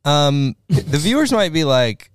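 A man chatting casually as a returning podcast guest, animated and laughing, acting out playful quoted voices as he tells stories. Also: a little high, a little slow, clear, resonant tone, dry recording. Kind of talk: casual chat.

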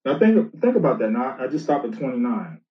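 A man's voice: medium pitch, very animated, a little fast. A man, a minister, casually rebutting critics and reading scripture aloud, repeating himself and talking straight to his opponent. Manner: conversational, repeats himself, addresses an opponent directly. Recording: roomy, distant, dull lo-fi sound.

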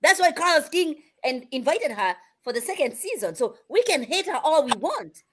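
A woman's voice: high-pitched, big pitch swings, moderate pace, a little hiss or hum. A woman with a foreign accent arguing in a casual livestream chat, repeating herself and talking over the others. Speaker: co-host of a reality TV review livestream. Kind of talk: heated casual debate.

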